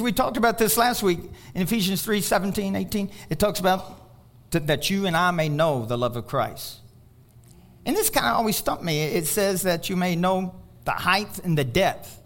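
High-pitched male pastor, preaching in an animated sermon style, loud one moment and hushed the next.

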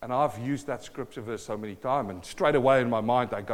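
A man's voice: mid-range voice, fairly quick. Preaching man in an echoing hall. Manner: animated preaching, repeats phrases, laughs between points. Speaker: pastor. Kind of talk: sermon. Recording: long hall reverb.

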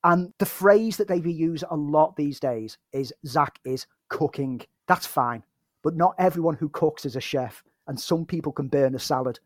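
A man's voice: on the high side, moderate pace, no echo, studio quality. A man co-hosting a film podcast, wry and sarcastic, laughing often in casual chat. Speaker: podcast co-host.

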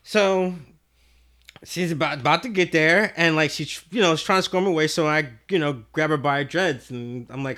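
A man hosting a podcast, telling a rambling, profane story and acting out the other people's voices with big jumps in tone. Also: moderate pace. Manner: animated, acts out voices with big pitch jumps; profane, rambling with many restarts. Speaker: podcast host. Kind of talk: casual storytelling chat.

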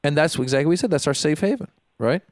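A man's voice: a little high, expressive, quick pace, darkish tone, dry recording, studio quality. A man, a stand-up comedian co-hosting a podcast, telling stories in casual chat with frequent restarts. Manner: rambling, storytelling with many restarts.

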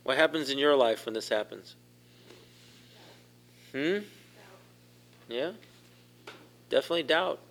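A man's voice: medium pitch, slow pace, pauses often, fairly bright tone. A man preaching a conversational sermon, asking the congregation questions as he goes. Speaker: pastor.

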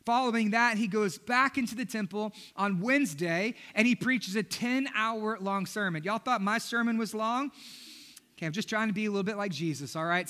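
Male pastor, high and bright, emphatic sermon preaching. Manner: energetic, repetitive emphatic preaching, acting out the disciples.

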